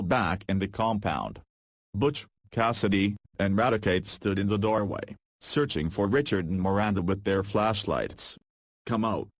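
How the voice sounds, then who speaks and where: Male story reader, deadpan and flat, low voice, dry sound. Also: dry recording. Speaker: reader of fan fiction. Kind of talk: reading a story aloud.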